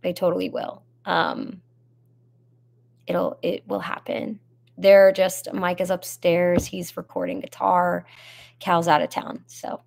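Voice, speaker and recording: A woman's voice: lowish voice, creaky, a little mellow. A young woman singer casually chatting on a live stream, answering fans' comments with lots of ums and giggles. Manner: giggly, rambling, with many ums. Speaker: singer in a band, hosting a live chat. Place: home in Nashville.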